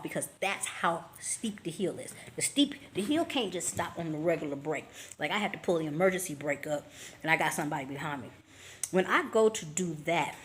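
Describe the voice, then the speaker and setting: A woman with a somewhat low voice tells a story casually in her vlog. She talks in slangy, expressive bursts and acts out the scene with sound effects and quick little voices. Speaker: travel vlogger.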